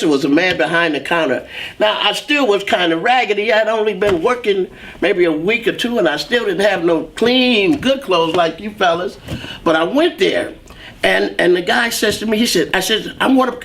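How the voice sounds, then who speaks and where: A man's voice: high voice, fairly bright tone, slight background noise. A man telling his life story as an interview guest, acting out the voices of the people in it. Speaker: guest, saxophonist.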